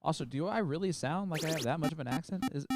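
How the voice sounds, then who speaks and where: A man's voice: fairly high pitch, fast talker, over loud music. A man from the American Midwest co-commentating a darts final, teasing his partner with dry remarks. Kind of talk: live sports commentary with banter.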